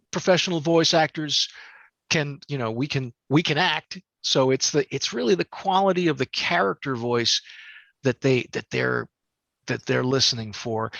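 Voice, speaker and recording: A professional voice actor explaining auditions in an animated, halting way. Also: mid-range voice, creaky, dry recording, dull audio. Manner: animated, halting, with many restarts. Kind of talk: casual interview recollection.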